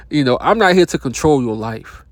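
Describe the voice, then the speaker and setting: A man's voice: a little high, dry recording, studio quality. A blunt, slangy man giving life advice. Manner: blunt, profane, slangy, laughs between points. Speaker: self-help vlogger. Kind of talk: casual motivational monologue.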